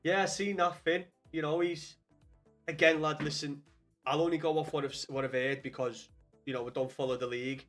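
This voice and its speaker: A man's voice: on the high side, steady tone, fairly quick, fairly bright tone, soft background music. A young man with a Scouse accent chatting casually on a live stream about football, swearing often and calling viewers lad. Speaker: livestream host.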